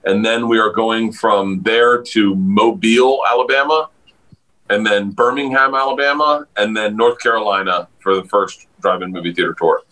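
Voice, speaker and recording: A man, a comedian guest on a podcast, telling stories over a video call with lots of laughter and excited jumps in pitch. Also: moderate pace, low-quality recording. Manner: loud storyteller, laughs a lot, jumps up in pitch when excited. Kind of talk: casual podcast chat.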